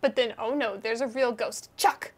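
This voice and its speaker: A young woman narrating a fast comedic recap in a sarcastic, slangy, bouncy way. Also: fairly high pitch, fairly even intonation. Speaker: animator and narrator.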